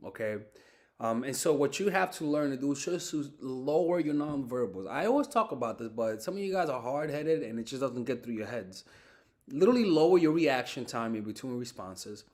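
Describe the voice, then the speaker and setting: A young man giving casual dating advice in a monologue, swearing often and repeating himself as he talks. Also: mid-range voice. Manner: animated, swears often, repeats and restarts words. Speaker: dating coach.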